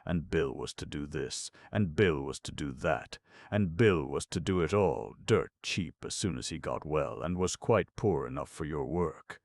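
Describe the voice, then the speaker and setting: A man's voice: a bass voice, expressive, a little slow, gravelly, dry recording, heavily acted. A man voicing a surly, bitter male burglar who growls threats and demands. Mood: growling.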